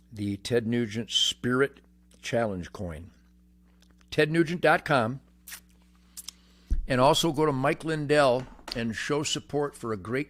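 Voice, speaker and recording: An older man hosting a rambling, boastful monologue, brash and cocky, swinging from booming shouts to low mutters. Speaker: host.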